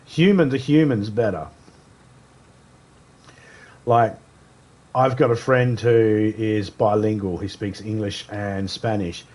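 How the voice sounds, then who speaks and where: A man's voice: fairly low pitch, fairly even intonation, slow, pauses often, a little mellow. A man streaming a video game live, chatting casually with slightly slurred speech, rambling through stories and laughing often. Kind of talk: casual chat while gaming live.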